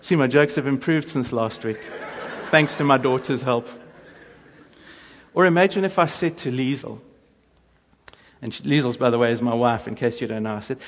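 A man giving a humorous faith talk to an audience, telling stories with jokes and quick impressions. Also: medium pitch. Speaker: speaker. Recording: long reverb of a large hall.

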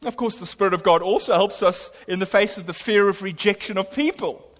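A man's voice: high voice, fairly quick, a bit bright. Impassioned preacher man in a reverberant hall. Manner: impassioned preaching, voice swelling on key lines. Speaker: pastor. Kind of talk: sermon.

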